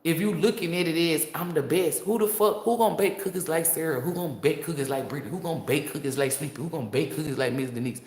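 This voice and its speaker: A woman's voice: low-pitched, fast talker, hardly any pauses, darkish tone. A woman, a tarot reader, speaking to her viewers in a blunt, profane, preachy monologue. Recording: echoey room.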